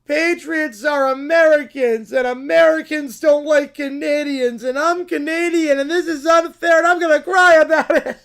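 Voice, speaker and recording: A man voicing a sulking, whining Canadian brat in a comic skit, loud and drawn out. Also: very high-pitched, very animated, moderate pace, gravelly, heavily acted. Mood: whiny. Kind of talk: reading a viewer prompt as a skit.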